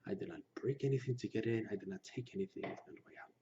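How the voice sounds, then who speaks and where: A man talks earnestly and emphatically to his audience, his low voice gravelly and mellow. He sometimes sinks to a hushed, almost whispered delivery to drive a point home. The recording is a little dull, with a faint hiss underneath. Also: rapid-fire. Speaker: Lukumi practitioner speaking to his channel. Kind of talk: personal commentary to camera. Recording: slightly dull recording with faint background noise.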